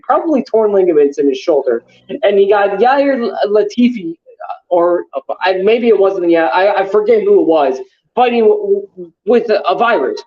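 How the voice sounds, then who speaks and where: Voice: mid-range voice, warm tone. Fired up sports podcast host, swearing a lot, kinda muffled lo-fi audio. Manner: heated, profane ranting with frequent fillers. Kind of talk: casual sports chat.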